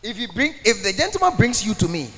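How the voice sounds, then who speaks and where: A man's voice: high-pitched, very animated, fast, crowd noise. A man preaching as a pastor, telling stories with laughs and then praying, while an interpreter follows him. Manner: storytelling, laughing, prayerful. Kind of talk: sermon with interpreter. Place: large church hall. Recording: hall reverb.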